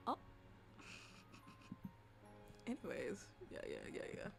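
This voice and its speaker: A woman streamer at home on a desk mic, telling a story to her chat in a profane, dramatic way, swinging from loud outbursts to hushed whispers. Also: very slow, music in the background. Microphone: desk microphone.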